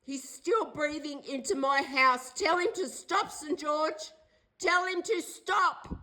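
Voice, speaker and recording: A woman's voice: high voice, takes it slowly, pushed and bright, poor audio. An older Australian woman in a distressed direct-to-camera video, pleading and accusing in an agitated way and repeating herself. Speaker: vlogger.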